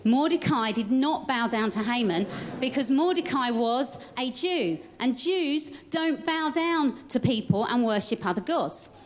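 Lively high-voiced woman telling a children's story. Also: unhurried, slight background noise. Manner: lively, directs child volunteers as she narrates. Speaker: children's talk leader in a church service. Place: church.

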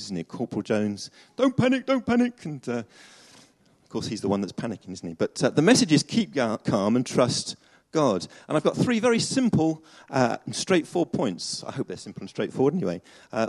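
A man's voice: mid-range voice, darkish tone. A man preaching a chatty sermon to a congregation, with many fillers and restarts.

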